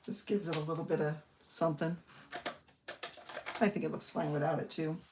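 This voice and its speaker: A deep-voiced woman speaks at a moderate pace in a steady tone, recorded from afar in an echoey room with a noisy background. She hosts a live card-making demo, chatting amiably, rambling, and thinking aloud while working.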